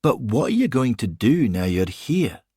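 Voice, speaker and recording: A man voicing an old male football manager ghost with a Scottish accent, asking calm, puzzled questions. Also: mid-range voice, moderate pace, husky, no echo, clean studio sound, voice pushed up.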